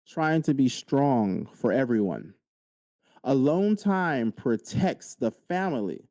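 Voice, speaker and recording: A man's voice: mid-range voice, warm tone, no room sound. A man hosting a podcast, speaking straight to his listeners in an earnest motivational monologue and repeating key lines for emphasis. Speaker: podcast host.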